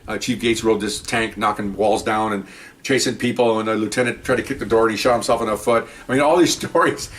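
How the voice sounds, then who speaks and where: A former police detective tells stories from the job in casual spoken storytelling, talking briskly in a loose, rambling way with many restarts. He animatedly acts out what the people in his stories said. His voice is lowish, with a little hiss or hum in the recording.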